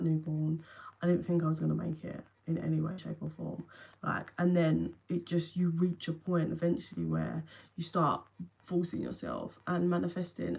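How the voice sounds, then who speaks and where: A woman's voice: lowish voice, creaky, husky. A young woman with a London accent giving a tarot reading on a live stream from her phone. She chats casually, swears now and then and speaks to viewers by name. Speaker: tarot reader.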